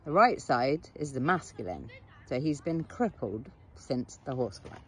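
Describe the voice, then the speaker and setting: A woman's voice: rumbling low, sing-song, a little slow, fairly bright tone, slight background noise. A middle-aged woman, a therapist and coach, tells a story to the camera in a blunt, frank way, swearing casually and asking the viewer questions. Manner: direct address to the viewer with questions.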